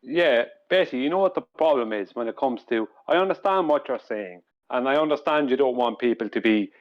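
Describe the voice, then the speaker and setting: A man's voice: medium pitch, expressive, brisk. Man cutting in on a dull call line. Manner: keeps trying to cut in. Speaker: panelist. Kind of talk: casual chat.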